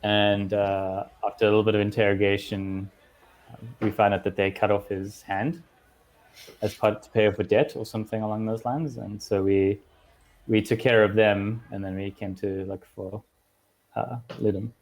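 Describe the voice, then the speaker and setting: A man playing a tabletop game, recapping in a rambling, relaxed way with fillers. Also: fairly low pitch, moderate pace. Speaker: player. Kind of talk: casual tabletop game chat.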